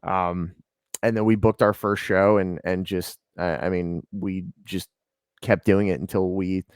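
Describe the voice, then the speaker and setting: A man's voice: low voice, level tone, a little slow, clean tone, no echo, studio quality. A man from Atlanta, a band's lead singer, chatting casually in an interview with a rambling, laid-back way of talking full of ums and likes. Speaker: lead singer and band guest.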